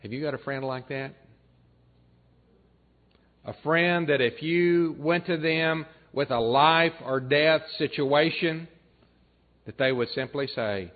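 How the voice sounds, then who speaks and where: A man preaching a sermon, retelling a story in an earnest way and dropping his voice low and soft for emphasis. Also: slow pace, pauses often. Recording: tinny phone-like sound.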